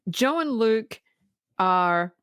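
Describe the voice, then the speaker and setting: A woman's voice: a little high, extremely slow, clean tone, no echo. Dry, laughing podcast woman. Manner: lively scene-by-scene recap, laughs often, swears casually. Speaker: podcast co-host. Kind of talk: casual film-review chat.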